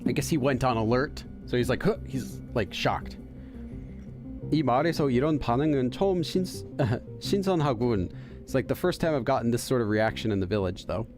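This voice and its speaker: A man hosts a let's play, reading game text aloud and translating it line by line. He thinks aloud and talks fast, at a middling pitch. Game music runs underneath. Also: lively intonation. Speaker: host of a game channel for Korean learners.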